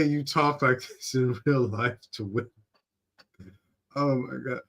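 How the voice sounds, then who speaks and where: A man hosting a stream, reacting casually with slang, frequent laughter and quick apologies for cursing. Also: medium pitch, a bit bright. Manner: laughs often, slangy, curses then apologizes. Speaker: streamer host.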